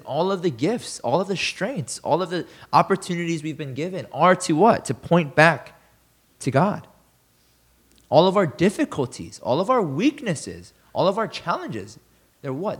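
A man preaching a sermon as a pastor, in a conversational way, often asking the listeners questions. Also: medium pitch.

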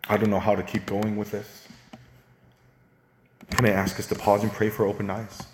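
A man with a lowish voice preaching a sermon in an earnest, conversational way. He talks straight to the congregation and builds into animated, higher stretches. The sound is roomy, as if caught in a sanctuary. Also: normal speed, background noise. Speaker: pastor.

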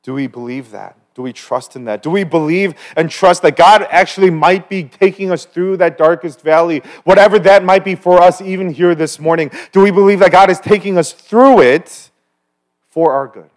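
A man's voice: high-pitched, normal speed. A man preaching a conversational sermon at a church service, with personal stories and asides, building to emphatic rhetorical questions. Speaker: pastor.

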